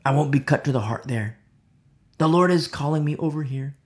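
A preacher mimicking a flippant excuse-making churchgoer. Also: male voice, on the high side, brisk, lightly acted. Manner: rattling off excuses.

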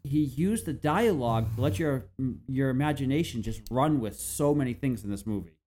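A man's voice: mid-range voice, expressive, moderate pace, darkish tone. A man co-hosting a casual podcast, thinking aloud about a film and restarting his sentences. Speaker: podcast co-host. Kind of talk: casual movie discussion.

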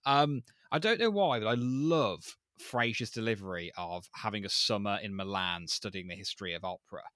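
Brummie guy co-hosting a podcast, forceful bright tone, dry close sound, lower pitch, just chatting. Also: normal speed, no echo. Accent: Birmingham. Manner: chatty, self-deprecating about his own speech. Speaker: podcast co-host. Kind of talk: casual chat.

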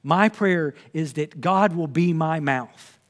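A man's voice: on the high side, takes it slowly. A man preaching a sermon from the pulpit, earnest and conversational, quoting scripture as he teaches. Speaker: pastor.

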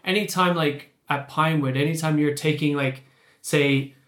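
A man's voice: fairly high pitch, moderate pace. A man, a creature performer, telling a story in casual chat and acting out the quotes in it. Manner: animated, acts out quotes in his story. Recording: roomy echo.

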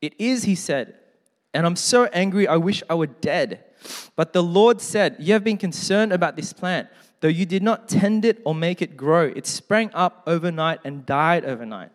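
A man's voice: on the high side, moderate pace. A man preaching a sermon in a conversational way, with joking asides, who also reads scripture aloud. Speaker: pastor. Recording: long hall reverb.

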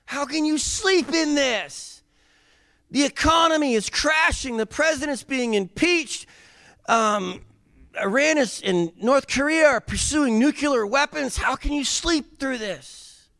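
A man voicing panicking male disciples in a storm, shouting frantically in a raised pitch. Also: slow pace, no room sound, heavily acted. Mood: panicked.

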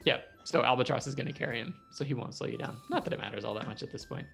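A man narrating scenes as game master of a tabletop game, relaxed and full of ums. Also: mid-range voice, rapid-fire, gravelly, faint music behind. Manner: relaxed, with frequent ums while describing scenes.

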